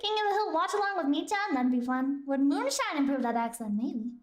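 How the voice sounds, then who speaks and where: A woman's voice: sits high, big pitch swings, a little fast, echoey room. A woman streamer hosting casual live chat, playful and giggly as she reads out messages. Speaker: streamer host.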